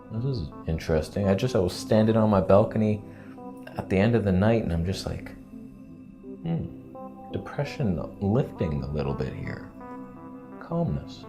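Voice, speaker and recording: Male vlogger, casual and rambling, low-pitched, self-mocking humor. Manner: candid, joking, rambling. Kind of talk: casual vlog monologue.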